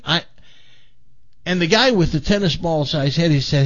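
Lively man telling a joke on the air. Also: fairly high pitch, moderate pace, highs cut off. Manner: animated storyteller, restarts and repeats words. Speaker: radio show host. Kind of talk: joke telling on a talk show.

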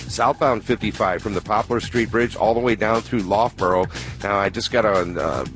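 A man giving a radio traffic report, briskly rattling off a list of roads and delays. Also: lowish voice, fairly bright tone. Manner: brisk, rattling off road lists.

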